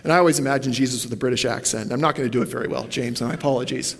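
A pastor preaches a sermon in a church, speaking fast in a slightly high, expressive, somewhat bright voice with a big-room sound. He talks casually and conversationally, putting questions to the congregation and wandering off on tangents.

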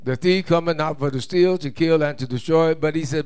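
A man's voice: a little high, fairly quick, hardly any pauses, a little mellow, smooth. Man preaching with call and response. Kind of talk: sermon.

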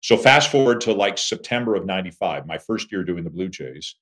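A sportscaster in his fifties from Toronto, Canada, is an animated interview guest telling stories about his career. He speaks briskly, with lively swings in pitch and volume, in a conversational storytelling style.

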